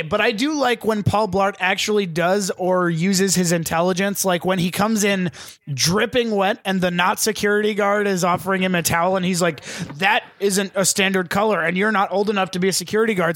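A man's voice: sits high, fairly even intonation, fairly quick, a bit bright, dry recording. A man co-hosting a podcast who picks apart a movie's writing and reads out lines from his notes. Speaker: podcast co-host. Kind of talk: casual movie-review chat.

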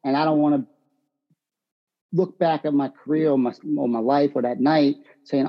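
A brash boxer tells his fight stories with lively energy. His voice sits a little high for a man. The audio is muffled and lo-fi. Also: a little fast. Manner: brash, animated storytelling. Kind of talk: interview answers.

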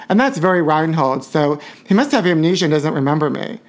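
A man's voice: on the high side, very animated, brisk. A man hosting a casual livestream podcast, campy and gossipy, calling everyone honey. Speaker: podcast host. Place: home livestream. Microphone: phone or webcam.

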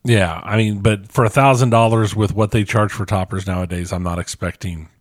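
A man's voice: fairly low pitch, fairly even intonation, a little fast, dry recording. Dry-voiced man co-hosting a podcast. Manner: dry, self-deprecating asides. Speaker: podcast co-host. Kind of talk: casual podcast chat and reading a listener review aloud.

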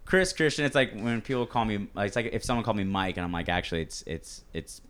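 A man's voice: fairly low pitch, quick pace, fairly bright tone. A man co-hosting a podcast in casual chat, rambling with lots of fillers. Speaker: podcast co-host. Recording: noisy recording.

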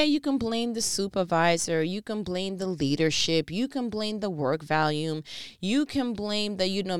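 A woman's voice: medium pitch, clear, resonant tone, no echo, clean studio sound. A woman preaching a sermon, earnest and building to fervent rhetorical questions.

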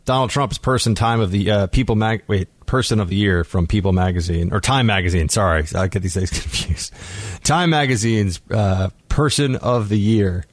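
A man's voice: fairly low pitch, moderate pace, no echo. A man hosting a talk radio show from a studio, chatting loosely with asides and restarts. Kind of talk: casual talk radio chat. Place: radio studio in New York. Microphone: studio microphone.

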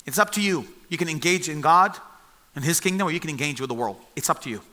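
A man delivers a sermon in a high, piercingly bright voice. He retells a Bible story with animated storytelling, acting out the lines of the people in it. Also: quick pace. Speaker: preacher.

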